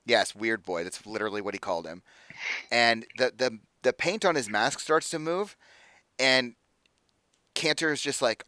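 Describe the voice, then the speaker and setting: A man's voice: medium pitch, normal speed, bright, forceful tone, no echo. A man narrating as game master, loose and rambling with many fillers.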